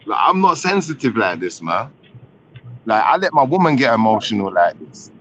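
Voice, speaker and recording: A man calmly arguing a point as a guest in a live-stream debate. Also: medium pitch, a little hiss or hum. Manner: measured, insists on talking freely. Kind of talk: calm argument on a live stream. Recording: dull lo-fi call audio.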